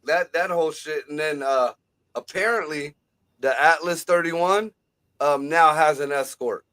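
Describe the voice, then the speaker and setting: A male co-host in a casual livestream chat, slightly higher-pitched than most men. He swears freely and talks in an excitable, conspiratorial way. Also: measured pace, low-quality recording. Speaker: podcast co-host.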